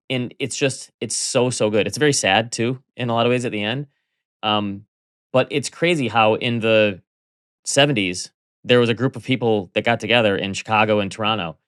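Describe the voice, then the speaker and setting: A lower-voiced man co-hosting a podcast speaks in an easygoing, chatty way. He gets enthusiastic when he talks about his favorites. The sound is dry and close on the mic. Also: steady tone, fairly quick, fairly bright tone, smooth, dry recording. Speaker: podcast co-host. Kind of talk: casual podcast chat.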